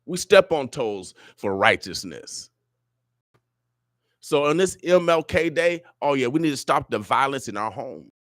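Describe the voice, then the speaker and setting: A man's voice: mid-range voice, lively intonation, unhurried, fairly bright tone, dry recording, studio quality. A man from Omaha hosting a morning radio show, preaching and motivating listeners in an emphatic, sermon-like way with repeated "oh yeah" refrains. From Omaha, Nebraska, USA. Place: radio studio.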